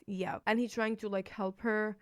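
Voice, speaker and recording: Woman, casual home book reviewer, excitable rambling chatter, mid-range voice, dry close recording. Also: medium pitch, normal speed, clean tone, no room sound. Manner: chatty and rambling, heavy use of "like"; excitable, jumps between topics. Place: indoors at home.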